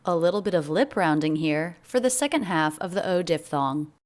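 Female pronunciation coach, clear and methodical. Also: on the low side, expressive, a little hiss or hum. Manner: clear, demonstrates sounds slowly. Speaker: pronunciation teacher. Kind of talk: explanatory pronunciation lesson.

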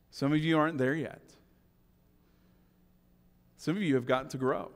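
A middle-aged man preaching a sermon as a pastor, moving between hushed, intimate lines and emphatic, raised declarations, often checking in with the congregation. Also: a little high, fairly even intonation, measured pace, long pauses. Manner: swings between hushed asides and emphatic raised lines, keeps asking "right?". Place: church sanctuary. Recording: long church reverb.

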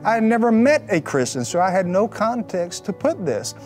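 A man telling his personal faith testimony as a lively story, with joking, sarcastic asides and acted-out quotes. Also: high voice, normal speed, faint music behind.

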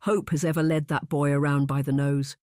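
A narrator voicing a careful, pragmatic middle-aged gentleman in a period audiobook. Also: mid-range voice, little pitch movement, dry recording, clean studio sound, natural voice. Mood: measured. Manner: careful, measured, quiet. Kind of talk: audiobook character voice.

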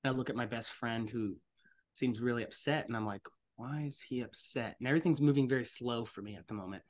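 A young man telling a story as a podcast guest, acting out other people's lines in loud, animated bursts. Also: medium pitch, quick pace. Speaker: voice actor and stuntman guest.

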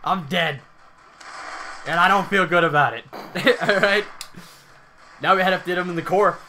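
High, bright-voiced young man ribbing his co-player. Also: slight background noise. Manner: swearing, laughing, quick shouts at the game. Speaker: let's play co-host. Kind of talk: casual gaming commentary.

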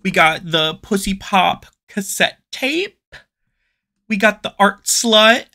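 A man who makes art, unboxing enamel pins for his shop in a casual vlog. He talks in a campy, sassy way, swears constantly and squeals with excitement. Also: high voice, takes it slowly.

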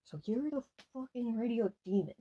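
A woman hosting a casual paranormal challenge vlog, excitable and dramatic, swearing freely as she talks to the camera. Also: fairly high pitch, moderate pace, slightly rough, muffled recording. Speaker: video host.

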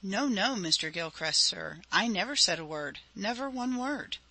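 A woman reading an audiobook, voicing a nervous older male servant who gives hushed, stubborn denials. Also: medium pitch, lively intonation, normal speed, no room sound, poor audio. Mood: pleading.

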